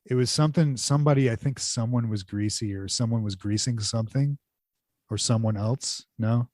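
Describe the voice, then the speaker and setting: A man co-hosting a podcast, chatting casually about a movie with deadpan jokes and one-word quips. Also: mid-range voice, normal speed, no echo, clean studio sound. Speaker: podcast co-host. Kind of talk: casual movie recap chat.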